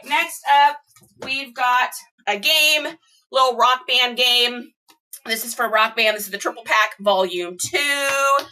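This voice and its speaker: A woman reseller chatting casually to viewers, gushing and excitable as she unboxes items. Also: a little high, distant mic. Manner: gushing, excitable, squeals and laughs. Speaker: reseller vlogger.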